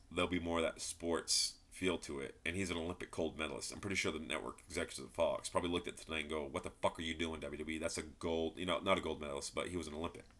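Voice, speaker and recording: A man's voice: a bass voice, pushed and bright. A man giving a frustrated, rambling wrestling review, swearing and repeating himself. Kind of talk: ranting solo commentary.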